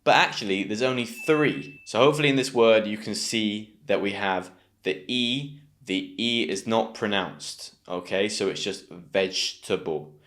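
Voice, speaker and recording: A man's voice: fairly low pitch, normal speed, fairly bright tone. A man with a British accent teaching English pronunciation, enunciating carefully and encouraging learners to repeat words. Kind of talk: scripted online lesson.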